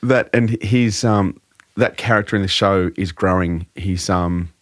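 Low-voiced bloke, dry close sound, animated yarn-telling chat. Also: male voice, a little slow, no room sound. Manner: animated, laughing, slips into impressions. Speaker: comedy musician guest. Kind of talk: casual storytelling chat.

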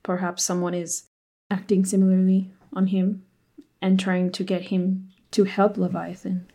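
A woman voicing an earnest young noblewoman who speaks in a measured, thoughtful way about her father in a tabletop game. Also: mid-range voice, completely flat delivery, dark tone.

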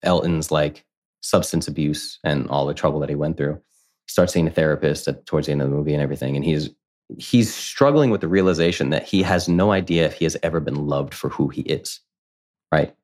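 A man's voice: rumbling low, a little fast, a little mellow. A man in his thirties, a podcast guest, telling a candid personal story in a casual, rambling way, full of "like" and acted-out quotes. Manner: candid, rambling, heavy use of "like", acts out quoted voices.

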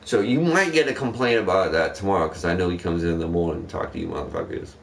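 A young man in casual chat, telling a profane, animated story about a rude customer. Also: deep voice, fast talker, gravelly, far from the mic, a little hiss or hum.

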